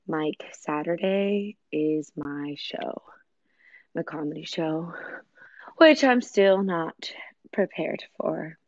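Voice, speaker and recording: A woman's voice: deep voice, slow, darkish tone, no echo, highs cut off. A woman casually chatting with viewers on a livestream from her kitchen, giggly and answering their comments. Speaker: livestream host. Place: home kitchen.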